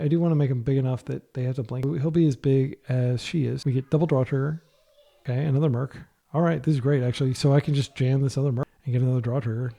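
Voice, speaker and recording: Soft-spoken gravelly man talking through a match. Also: mid-range voice. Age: adult, a parent. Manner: soft, light-voiced talk, thinking out loud. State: voice worn from a long day of talking. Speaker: card game player commentating his own match. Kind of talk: online card game commentary, thinking aloud.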